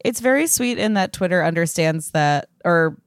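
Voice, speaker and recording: A woman's voice: on the low side, normal speed, no room sound, studio quality. A woman co-hosting a podcast, chatting casually with wry jokes and gasping reactions. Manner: relaxed and wry, gasps and exclaims in reaction. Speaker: podcast co-host. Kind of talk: casual chat.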